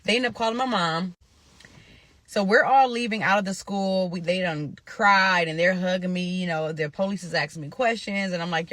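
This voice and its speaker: A young woman from Nebraska telling a story to her viewers in a casual, animated, profane way. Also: on the low side, normal speed, dry recording. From Omaha, Nebraska.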